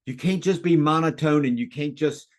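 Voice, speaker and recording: A man coaching real estate agents in a webinar, talking in an excited, fired-up way with big rises and drops in his voice. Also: moderate pace. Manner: excited, fired-up delivery with big swings in pitch and loudness.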